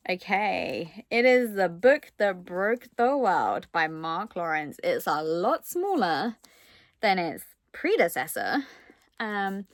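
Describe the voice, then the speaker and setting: A woman chatting excitedly through a book unboxing, with lots of ums and asides. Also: medium pitch, no room sound. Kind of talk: casual unboxing chat.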